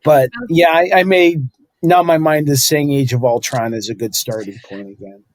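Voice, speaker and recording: A man's voice: medium pitch, steady tone, moderate pace, no echo. A middle-aged man co-hosting a podcast in casual chat, rambling and correcting himself as he goes. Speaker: podcast co-host.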